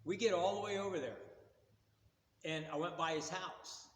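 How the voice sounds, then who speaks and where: A man in his sixties tells car stories in a casual, rambling, folksy way, with a voice pitched a little higher than most men's. The recording is roomy, and a long reverb trails behind his words. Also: moderate pace. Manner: rambling, folksy, plain-spoken. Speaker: car vlogger. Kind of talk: casual storytelling.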